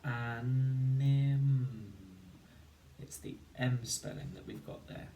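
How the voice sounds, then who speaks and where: A male teacher giving a patient phonics lesson, slowly sounding out each word and syllable. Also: lowish voice, fairly even intonation, creaky. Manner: slow, patient, sounding out words. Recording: roomy, distant mic with faint noise.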